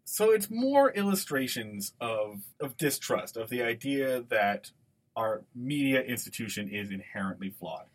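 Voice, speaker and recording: A man's voice: medium pitch, a little slow. Chatty male podcast co-host. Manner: animated, digressive storytelling. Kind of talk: conversational podcast discussion.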